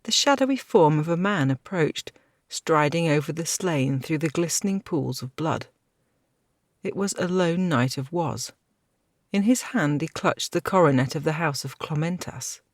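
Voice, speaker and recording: A woman narrating a fantasy audiobook with a steady, dramatic reading. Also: low-pitched, moderate pace, no room sound, studio quality.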